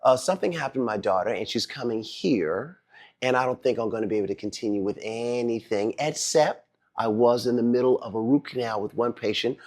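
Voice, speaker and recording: A man's voice: medium pitch, brisk, darkish tone. A middle-aged man, a dentist telling a dramatic family story with lots of quoted dialogue. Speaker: dentist and host. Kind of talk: animated storytelling.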